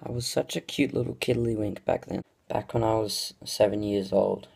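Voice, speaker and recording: A man's voice: lowish voice, fairly even intonation, normal speed, gravelly, hardly any pauses, darkish tone, breathy edge. A man, talking casually in a vlog, rambling with lots of filler words and restarts and gushing exclamations. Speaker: YouTuber reacting to his childhood videos.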